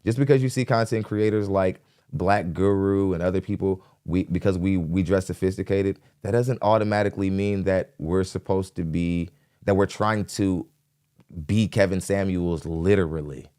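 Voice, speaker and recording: A man hosting a live podcast stream, giving energetic shout-outs to viewers and then talking plainly to them. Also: low voice, moderate pace, smooth, no echo, studio quality. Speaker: podcast host. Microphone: dynamic studio mic. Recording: hip hop music underneath.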